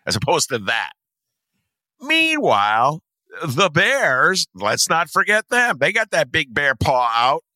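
A man hosting a podcast, talking in a loose, sarcastic and animated rant about local news. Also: on the high side, takes it slowly, no echo. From Chicago. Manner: animated, sarcastic ranting with laughs. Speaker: podcast host. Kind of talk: casual commentary monologue.

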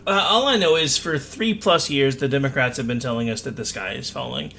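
Man, quick speech, mid pitch, podcast co-host, faint hiss behind. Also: vocal fry, bright, forceful tone. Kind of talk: casual political chat.

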